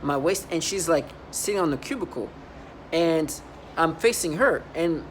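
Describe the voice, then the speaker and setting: A man with an accent talks straight to the camera in a fairly high voice, piling up restarts and repeated words as he builds his point. His story comes out emphatic and rambling. A faint hum of noise sits under his voice. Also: animated, moderate pace. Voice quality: speaks with an accent. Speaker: vlogger describing his workplace experiences. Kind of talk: rambling personal monologue.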